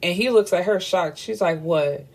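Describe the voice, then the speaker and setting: A young woman with a slightly low voice talks through a novel's plot in a relaxed, chatty way. She acts out lines from the scenes and breaks in with her own blunt remarks. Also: normal speed. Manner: chatty, retells scenes with quoted dialogue and blunt asides. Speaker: book reviewer. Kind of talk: casual book recap.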